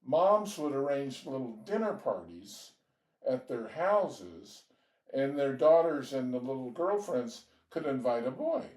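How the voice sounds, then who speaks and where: His mid-range voice has a sing-song lilt and a slightly mellow quality, moving at a measured pace. The older interviewee from Georgia in the United States rambles fondly about his youth with small laughs, telling his life story in a relaxed manner. The mic is distant and the room echoes.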